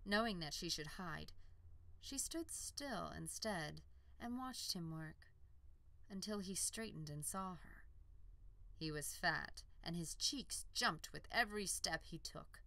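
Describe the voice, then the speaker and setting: A woman narrating an audiobook in a calm, measured storytelling voice. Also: lowish voice, gravelly, no room sound. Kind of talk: scripted narration.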